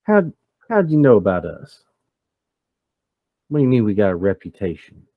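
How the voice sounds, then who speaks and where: A man voicing a proud, suspicious male gang boss who fires off loud, challenging questions in a tabletop game. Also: on the low side, sing-song, normal speed, dry recording, phone-quality sound.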